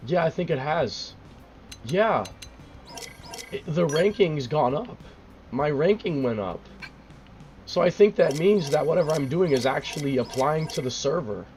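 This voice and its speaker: A man's voice: on the high side, animated, measured pace, long pauses, a little mellow, faint music behind. A young man streaming a game live, baffled and swearing, repeating himself, his voice cracking and cutting out.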